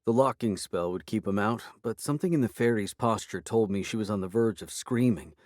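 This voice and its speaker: A man reading a first-person fantasy novel aloud, in even, dry storytelling on a close microphone. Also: lowish voice, brisk, no echo. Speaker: audiobook narrator. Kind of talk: first-person fiction narration.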